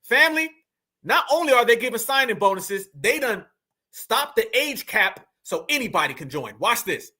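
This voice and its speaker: High, bright-voiced mocking man host. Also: very animated, normal speed. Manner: mocking, emphatic, laughs at clips. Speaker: livestream host. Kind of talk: reaction commentary livestream.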